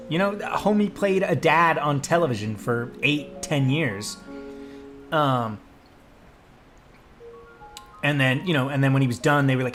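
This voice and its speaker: Soft music plays behind a young man with a medium-pitched voice who speaks at a normal speed on a casual livestream. He reads and answers viewer comments in a rambling way, full of fillers and restarts.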